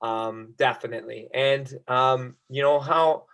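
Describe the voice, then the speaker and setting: Male guest in his thirties, energetic storyteller, laughs a lot, rambles loosely. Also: medium pitch, measured pace, vocal fry, clean tone. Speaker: guest, kickboxing coach. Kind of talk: casual interview chat.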